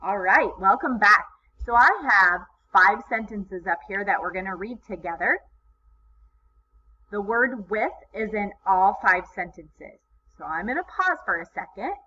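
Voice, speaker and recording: A woman teaching kindergarten in a recorded video lesson, with slow, encouraging, sing-song teacher talk. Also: medium pitch, expressive, pushed and bright. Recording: slightly dull lo-fi sound, faint background noise.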